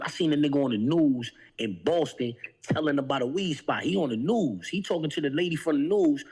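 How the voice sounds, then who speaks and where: A man's voice: on the high side, expressive, moderate pace, darkish tone, husky, low-quality recording. A man on a podcast, talking in heated, emphatic street slang. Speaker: podcast guest. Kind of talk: heated casual talk.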